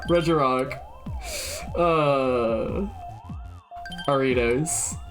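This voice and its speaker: A woman's voice: a bass voice, drawn-out words, faint music behind. A young woman streaming a game, blurting out guesses, swearing freely and laughing at herself. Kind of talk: casual gameplay commentary.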